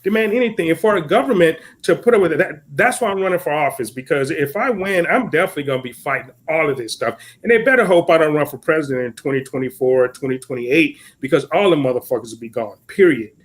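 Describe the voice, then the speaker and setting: A man's voice: on the high side, lively intonation, fast, few pauses. An American man co-hosting a podcast, delivering heated political commentary in an angry, profane rant. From United States. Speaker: podcast co-host.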